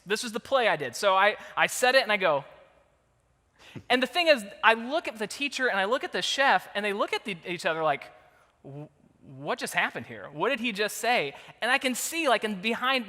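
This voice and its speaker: A pastor tells a self-deprecating story in a sermon, his voice bright and high. The sound carries a long reverb, as if in a large hall. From Kansas City area, USA.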